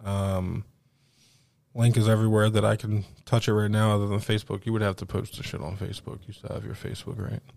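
Low, gravelly-voiced man telling a profane story. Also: flat delivery, fast talker, darkish tone, dry recording. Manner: acts out quoted voices. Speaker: podcast host. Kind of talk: casual chat.

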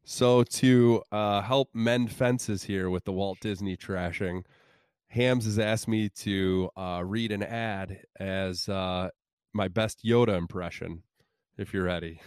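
A man hosting a comedy podcast, reading sponsor copy with a deadpan, wry delivery. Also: lowish voice, slow, clear, resonant tone, dry recording, clean studio sound. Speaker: podcast host. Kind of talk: deadpan comic ad read.

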